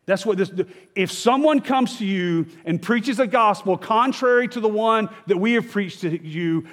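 A man's voice: sits high, normal speed, fairly bright tone, in a large hall. A man preaching a sermon as pastor, talking in a conversational, emphatic way and often checking in with his listeners.

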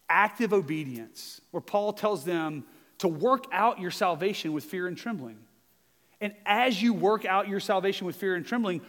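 A man with a Southern US accent preaching a sermon as pastor, earnest and emphatic, with quick self-mocking asides. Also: high-pitched, a bit bright. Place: church sanctuary. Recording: long hall reverb.

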